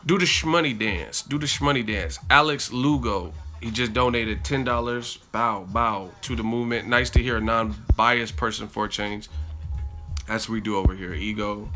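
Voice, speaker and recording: Man, casual livestream host, animated profane storytelling, music loud in background. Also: on the low side. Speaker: host of a boxing live stream.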